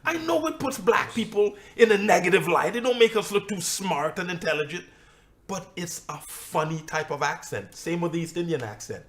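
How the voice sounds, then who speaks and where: Opinionated male podcast co-host, high, animated voice, blunt and profane. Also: normal speed. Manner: opinionated, animated, swears freely. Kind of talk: casual podcast chat.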